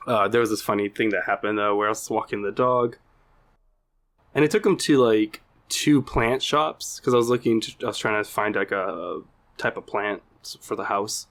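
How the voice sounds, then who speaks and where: A man co-hosting a podcast, telling a rambling anecdote in casual chat, with lots of fillers and quick laughs. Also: fairly low pitch, a bit bright. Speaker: podcast co-host.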